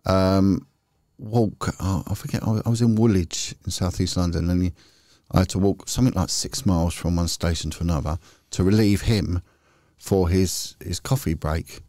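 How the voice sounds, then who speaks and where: Speaking as a podcast guest, this middle-aged ex-detective shares casual anecdotes in a candid, chatty way, rambling and frequently restarting. His deep, warm voice runs at a normal speed with hardly any pauses. The studio sound is clean, with no room sound.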